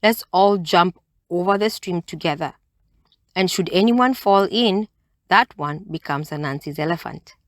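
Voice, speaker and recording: A woman reading as a calm leader elephant. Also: lowish voice, a little slow, no echo, clean studio sound, lightly acted. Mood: persuasive.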